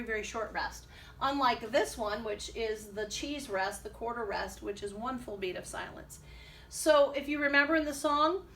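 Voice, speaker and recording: Woman music teacher, lively classroom lesson. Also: on the high side. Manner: chanting rhythm syllables, encouraging. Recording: distant mic with faint background noise.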